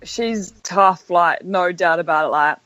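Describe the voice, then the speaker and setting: A woman with a New Zealand accent, a sports captain talking casually as a podcast guest, laid-back and quick to laugh. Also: on the low side, a bit bright, no room sound, poor audio.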